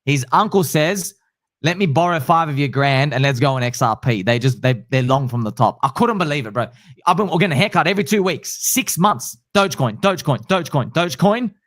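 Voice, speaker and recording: Excitable slangy male host. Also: a little high, brisk, no echo, studio quality. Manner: excitable, slangy, acts out quotes. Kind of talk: casual chat.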